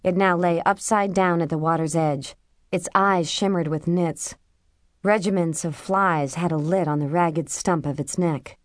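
Scripted audiobook narration from a woman whose voice is fairly low for a woman, delivered steadily and with measure. The close studio mic gives a dry sound with no room sound at all.

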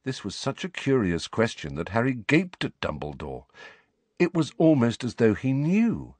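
A man's voice: mid-range voice, huge pitch swings, moderate pace, darkish tone, dry recording. A man narrating an audiobook expressively, shifting his voice for the characters.

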